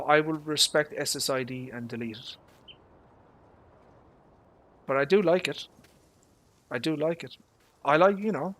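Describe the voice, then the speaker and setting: A man's voice: a little high, a bit bright. An Irish man casually commenting on a farming game he is playing live, rambling through his opinions and swearing at mishaps on screen. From Ireland. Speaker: livestreamer.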